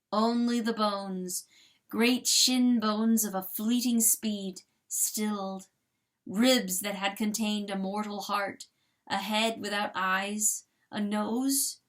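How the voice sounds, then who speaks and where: Slow, bright-voiced woman reading a novel aloud. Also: mid-range voice. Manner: slow, intense, expressive narration. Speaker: audiobook reader.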